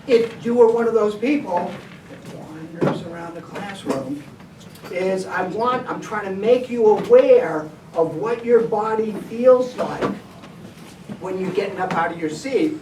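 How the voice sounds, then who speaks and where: A woman's voice: medium pitch, animated, unhurried. A woman teacher leading a classroom behavior lesson, giving directive step-by-step instructions. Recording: echoey room, distant mic, background noise.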